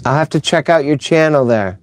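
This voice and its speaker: A man's voice: on the high side, lively intonation, fairly quick. Chatty middle-aged man hosting a live stream. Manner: rambling, chatty, reads viewer comments aloud. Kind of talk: casual live stream chat.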